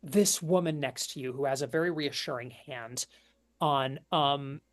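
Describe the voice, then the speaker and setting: A woman narrating as game master of a tabletop role-play in a halting, unhurried way. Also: extremely low pitch.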